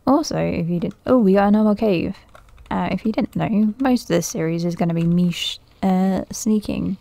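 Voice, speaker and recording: A woman's voice: medium pitch, moderate pace, creaky, mellow. A woman giving casual let's-play commentary, thinking aloud nervously, often laughing and dropping to a whisper. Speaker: gaming video creator.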